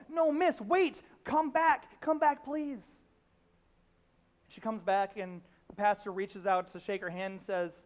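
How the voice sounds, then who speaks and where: A man preaching a sermon as a pastor, telling a story conversationally with fillers and acting out the lines. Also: sits high.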